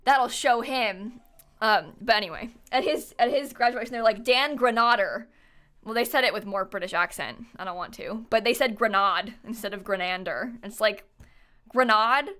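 A woman's voice: on the high side, brisk, a bit bright. A young adult woman chatting casually and rambling with her live stream viewers, giggling often and using plenty of fillers. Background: faint music.

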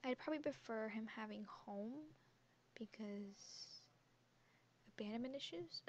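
A teenage girl who does gaming videos reads quiz questions and answers them, chatting casually and giggling at a slightly slow pace. Her fairly high voice runs through a headset mic resting around her neck, and the audio is dull with slight background noise.

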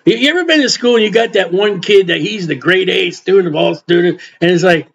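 A man's voice: high voice, brisk, creaky, hardly any pauses, a bit bright, slightly rough. An older man preaching an informal Bible sermon in a folksy way, acting out quotes and adding asides. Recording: dull lo-fi recording.

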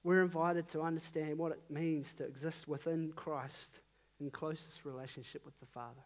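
High-voiced New Zealand man preaching. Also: steady tone, normal speed. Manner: earnest, conversational, emphatic rises on key phrases. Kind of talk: sermon.

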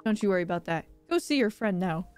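A gentle, kindly mother creature, read aloud by a woman. She lifts her voice a touch and keeps it calm, with faint game music behind. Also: mid-range voice, fast talker, close to an everyday voice. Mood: soothing.

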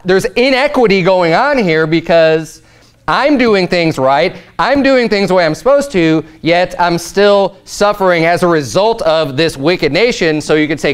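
Earnest preaching man, smooth voice. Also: sits high, lively intonation, normal speed. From United States. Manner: earnest, conversational preaching with frequent restarts. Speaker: pastor. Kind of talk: sermon. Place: church sanctuary.

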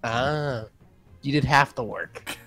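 A man's voice: medium pitch, slow pace, a bit bright, no echo, soft background music. Sarcastic, foul-mouthed male player. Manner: sarcastic, swears a lot. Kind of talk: casual game chat.

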